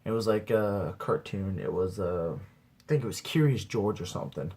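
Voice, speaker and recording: A man's voice: lowish voice, normal speed, darkish tone, slightly rough. A young man telling a rambling comedy story about himself, saying "dude" again and again. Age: young adult. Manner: rambling, says "dude" a lot. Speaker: amateur comedian. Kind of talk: stand-up storytelling.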